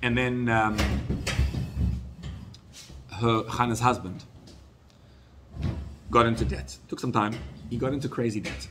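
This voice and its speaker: A male rabbi telling a story in a sermon, acting out the people he quotes and dropping his voice low for sad moments. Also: steady tone, slow pace, long pauses, noisy background.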